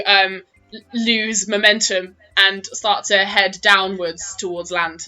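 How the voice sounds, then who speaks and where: A woman's voice: medium pitch, little pitch movement, measured pace, sharp tone, a little hiss or hum. A woman narrating as dungeon master of a tabletop game, laughing often as she talks.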